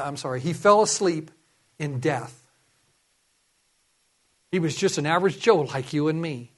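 A man's voice: high-pitched, a bit bright. A man preaching a sermon, reading scripture and earnestly urging his listeners.

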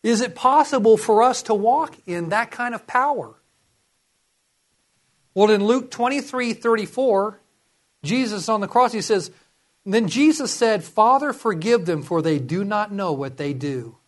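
A man's voice: sits high, animated, measured pace. A man preaching a sermon, reading scripture and earnestly urging his listeners.

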